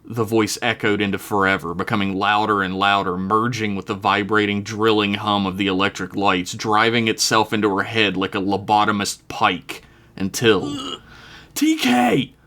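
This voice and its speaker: Man, podcast storyteller, low voice, reads aloud, chuckles at own jokes. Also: little pitch movement, normal speed, sharp tone.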